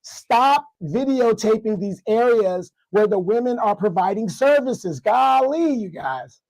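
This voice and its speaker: A man with a congested, hoarse voice, guesting on a livestream discussion and ranting in mock outrage. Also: high voice, lively intonation, a little slow, darkish tone, poor audio. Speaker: guest commentator.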